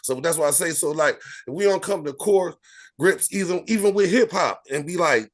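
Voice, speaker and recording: A man's voice: a little high, normal speed. A man in a casual group discussion, speaking in an emphatic, rambling way. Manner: emphatic, rambling, repeats phrases. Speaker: discussion participant.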